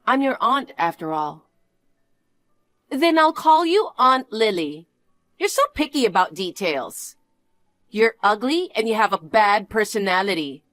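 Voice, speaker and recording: A woman's voice: mid-range voice, expressive, unhurried, fairly bright tone, no echo, clean studio sound, soft background music. A woman voicing a spoiled young niece who stole her aunt's husband, talking in a sneering, sing-song, teasing way in a scripted dialogue drama. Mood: taunting.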